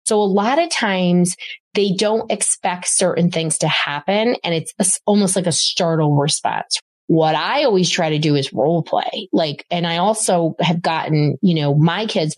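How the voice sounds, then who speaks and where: A woman's voice: lowish voice, no room sound. Emphatic middle-aged woman podcast host. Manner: emphatic and enthusiastic, repeats words for stress. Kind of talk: casual advice monologue.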